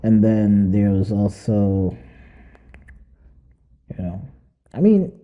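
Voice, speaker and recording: A man's voice: lowish voice, lively intonation, takes it slowly, narrow, tinny audio. A young man hosting a podcast alone, rambling in casual, profane commentary that mocks and laughs often. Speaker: podcast host.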